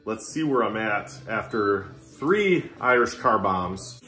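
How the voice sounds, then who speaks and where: A man talking casually to camera in a vlog, self-mocking and chatty as he mutters along. His voice swings lively up and down. The room is echoey, with music playing faintly behind. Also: lowish voice, takes it slowly. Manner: chatty, self-mocking, talks to himself while pouring. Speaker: vlogger. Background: Irish music playing.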